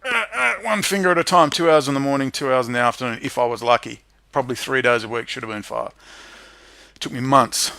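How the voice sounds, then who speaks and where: Male streamer, heated profane rant, mid-pitched voice, dry close sound. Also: fast, creaky, no room sound. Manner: profane, heated, swings between muttering and shouting. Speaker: livestream host. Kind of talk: ranting monologue to viewers.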